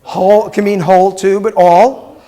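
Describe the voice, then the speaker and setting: This middle-aged man is a rabbi leading a Hebrew lesson, patiently repeating words and questioning his students as he teaches. His high-pitched voice is warm, his delivery flat, his speed normal.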